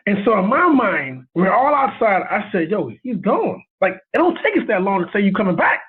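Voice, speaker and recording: A man telling a story as a guest in a casual interview, animated and excitable and laughing often. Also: high voice, brisk, slightly rough. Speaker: guest cinematographer. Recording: tinny phone-line sound.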